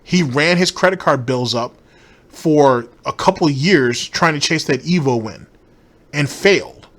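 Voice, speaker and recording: A man's voice: fairly high pitch, expressive, measured pace, a bit bright. A man hosting a commentary channel, ranting in a rambling, sarcastic and profane way.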